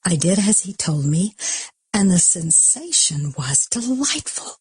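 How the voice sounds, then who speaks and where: A woman reads an audiobook in a husky, breathy voice, dropping often into a half-whisper. Her tone is mellow and low-pitched, and the sound is dry and close. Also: very animated, a little slow, no room sound. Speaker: audiobook narrator. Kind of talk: audiobook reading.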